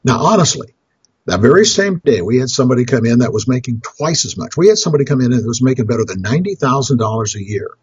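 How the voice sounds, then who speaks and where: Husky, rambling man telling money stories. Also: mid-range voice, sing-song, fast talker, dry recording, dull audio. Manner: rambling, restarts phrases, chuckles at his own stories. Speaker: financial counselor. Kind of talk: storytelling talk on budgeting.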